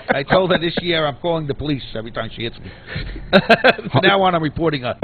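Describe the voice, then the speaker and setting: A man's voice: a little high, expressive, fairly quick, crowd noise. A man telling stories in casual talk-radio banter, laughing often as he talks. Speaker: radio show regular. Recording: phone-like radio broadcast.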